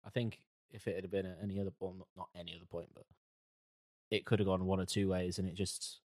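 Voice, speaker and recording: Low-voiced male co-host, mumbling softly, dry close sound. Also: flat delivery, quick pace, no echo. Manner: hesitant, trailing off, mumbling softly. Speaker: podcast co-host reviewing music. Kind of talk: casual chat.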